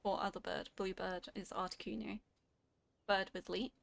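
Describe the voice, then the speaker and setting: A woman's voice: medium pitch, little pitch movement, normal speed, vocal fry. A woman streamer chatting casually with her viewers while she plays a game, reacting animatedly to their comments. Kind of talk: casual gameplay chat with chat.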